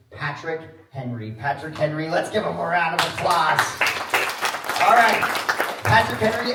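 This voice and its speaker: A man presenting a history lesson to a class, calling on students and getting the crowd to repeat after him. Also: on the high side. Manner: energetic, calls on students and prompts the crowd. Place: large echoey classroom or hall. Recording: echoey room recording from far off, noisy.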